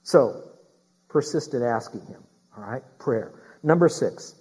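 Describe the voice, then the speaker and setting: A man's voice: mid-range voice, animated, normal speed, mellow, slightly rough, rough recording. A middle-aged man preaching a sermon as a pastor. He speaks emphatically, repeats his key phrases and puts questions straight to the congregation.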